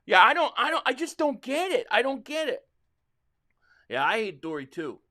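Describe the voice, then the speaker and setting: Big pitch swings mark his very high, pushed and bright voice, spoken at normal speed. The man, from the Philadelphia area, hosts a live football reaction stream, rambling in frustration and reading super chats.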